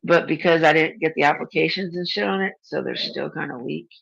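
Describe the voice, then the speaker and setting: A woman's voice: deep voice, a little fast, creaky, fairly bright tone, breathy edge, highs cut off. A woman hosting a casual video chat, talking bluntly, swearing freely and teasing her friend. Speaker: channel host.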